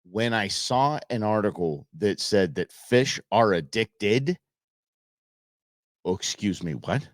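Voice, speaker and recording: A man's voice: lowish voice, expressive, slow pace, no echo, clean studio sound. A man hosting an outdoors talk show, chatting casually and rambling with fillers and restarts. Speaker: radio show host.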